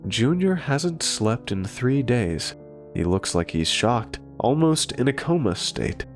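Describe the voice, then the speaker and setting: A man voicing a solemn doctor asparagus from a cartoon, grave and measured. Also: sits low, steady tone, gravelly, faint music behind, full character voice.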